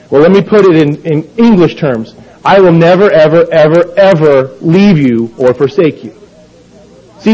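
A man preaching a sermon, reading scripture aloud with measured, emphatic delivery. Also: high voice, darkish tone, poor audio.

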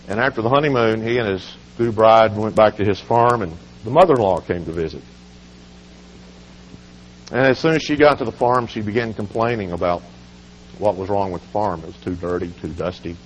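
A hoarse man with a cold, speaking as a guest at a children's home and telling humorous stories in a relaxed, folksy way. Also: on the low side, a little hiss or hum. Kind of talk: folksy storytelling sermon. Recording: dull lo-fi recording.

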